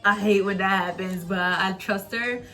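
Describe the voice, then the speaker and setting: A woman's voice: medium pitch, steady tone, moderate pace, pushed and bright, faint music behind. Candid, profane young woman vlogger. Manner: candid, profane, rambling with frequent laughs. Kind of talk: casual storytime chat.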